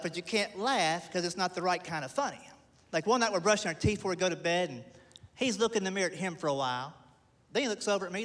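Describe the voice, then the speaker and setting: High-voiced self-deprecating stand-up man. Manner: self-deprecating, animated storytelling. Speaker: stand-up comedian. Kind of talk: stand-up comedy. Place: theater stage with a live audience. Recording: long hall reverb, faint noise.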